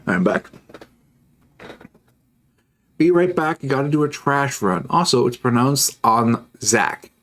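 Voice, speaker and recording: A male streamer with a mid-range, lively voice talks casually and unhurriedly as he builds models on stream, pausing often. He rambles, cracks jokes and breaks off to reply to messages from his chat.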